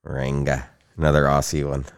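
A man's voice: rumbling low, monotone, normal speed, smooth. A middle-aged man hosting a casual podcast chat, crude and joking, laughing often. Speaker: podcast host.

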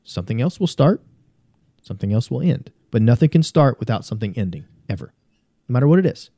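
Man, podcast guest; warm low-toned delivery, cusses casually, rambles earnestly through stories. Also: big pitch swings, fast, no room sound, clean studio sound. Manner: swears freely, rambling and earnest. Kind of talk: casual conversational storytelling.

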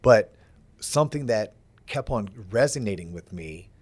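Podcast host guy, lowish voice, thinks out loud about what the guest said. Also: lively intonation, measured pace. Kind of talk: casual interview chat. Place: podcast studio set.

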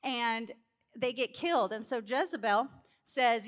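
High-voiced woman preacher, animated storyteller. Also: a little slow. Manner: animated storytelling, acts out characters, laughs. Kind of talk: sermon.

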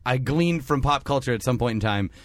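A man's voice: medium pitch, animated, brisk, a bit bright, no echo. A man co-hosting a comedy podcast, playful and prone to mock-formal bits. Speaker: podcast co-host.

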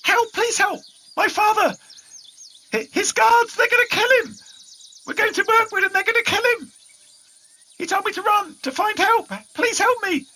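Frightened ten-year-old boy in tears, shrill and high, a man doing the voice. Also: moderate pace, long pauses, exaggerated voice. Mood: panicked pleading. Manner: high shrill pleading shouts. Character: panicked young boy about ten, crying.

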